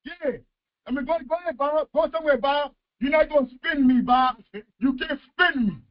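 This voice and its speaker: A man confronts people on the street, shouting and pushing back hard. His voice rides extremely high for a man. The played clip sounds muffled and lo-fi. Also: moderate pace.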